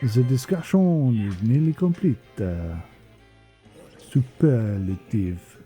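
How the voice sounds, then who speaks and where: A man's voice: mid-range voice, expressive, moderate pace, mellow, faint music behind. An English man rambling through a casual gameplay commentary voice-over, chatty and self-deprecating, often wandering off on tangents. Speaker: gaming channel host.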